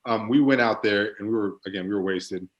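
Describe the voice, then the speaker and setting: On a muffled recording, a young man in his twenties speaks a little fast in a lowish voice. He's a football player appearing as a podcast guest, relaxed and full of fillers as he tells stories in casual conversation.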